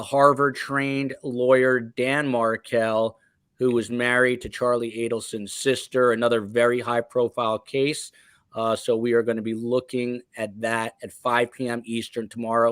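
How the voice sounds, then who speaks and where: A man's voice: mid-range voice, a bit bright, no echo. A man hosting a live true-crime podcast, reading out viewer comments and putting long questions to his guests. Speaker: podcast host.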